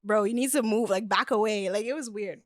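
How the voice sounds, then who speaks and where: A woman's voice: mid-range voice, a little fast, no echo, clean studio sound. A woman guest on a podcast telling a dating story in casual chat, acting out the other people's lines as she goes. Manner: animated, acts out quoted dialogue.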